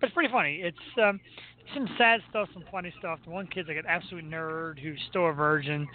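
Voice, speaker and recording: A man hosting a radio show, his voice sitting a little high for a man. He rambles along in easygoing chat and pokes fun at himself. The sound is thin and tinny, like a phone line. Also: brisk, slight background noise. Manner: rambling, self-deprecating, joking.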